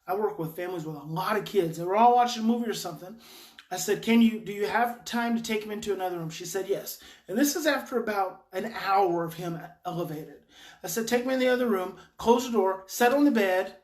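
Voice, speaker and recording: A woman's voice: mid-range voice, fairly quick, darkish tone. A woman giving an informal parenting talk as an educator, speaking emphatically and repeating her key phrases. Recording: roomy echo.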